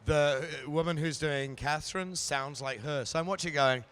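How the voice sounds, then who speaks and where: A man from New Zealand with a New Zealand accent, an actor chatting playfully in a live interview, joking and often pausing with fillers. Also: fairly high pitch, a bit bright, smooth. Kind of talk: casual chat at a live event.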